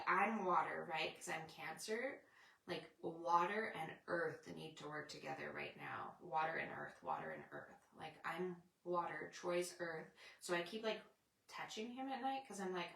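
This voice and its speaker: Chatty spiritual host, female, lower pitch, sits back from the mic. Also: vocal fry, pushed and bright, reverberant, distant mic. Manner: rambling, chatty, reads out viewer comments. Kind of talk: casual spiritual chat with viewers.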